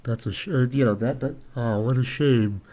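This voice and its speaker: A man voicing a disgusting monster CEO, drawling slowly and low as he improvises a scene. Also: mellow, natural voice. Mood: mock-sad. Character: disgusting monster CEO, male, sinister and slow. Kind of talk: improvised voice acting while drawing.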